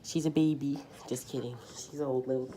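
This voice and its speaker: A woman chatting casually at home in her kitchen, giggly and quick to exclaim. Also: rumbling low, fairly even intonation, dark tone. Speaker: vlogger. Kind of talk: casual chat. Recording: echoey room with noise.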